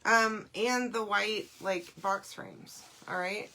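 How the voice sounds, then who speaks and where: Woman in her 40s, craft livestream host, bright forward tone, chatty and reassuring. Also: mid-range voice, fairly even intonation, slow pace. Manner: chatty, ends steps with a checking "okay?". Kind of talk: live crafting demo chat.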